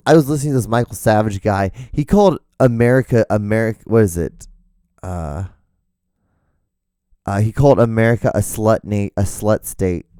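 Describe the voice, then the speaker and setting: A man's voice: mid-range voice, mellow, dry recording. A man hosting a solo podcast, rambling and profane and poking fun at himself, his voice wearing out. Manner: rambling, profane, self-deprecating. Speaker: podcast host.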